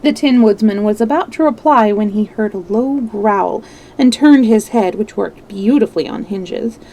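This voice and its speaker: A woman reading a children's book aloud in a gentle way, now and then correcting a slip. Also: medium pitch, moderate pace, poor audio. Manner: gentle, with small slips and self-corrections. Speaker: storyteller.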